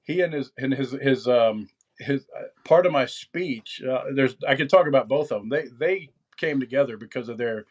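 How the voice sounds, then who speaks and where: A man's voice: medium pitch, normal speed, muffled recording. A middle-aged American man, a podcast guest, talking casually and rambling with many restarts and fillers. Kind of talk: casual chat.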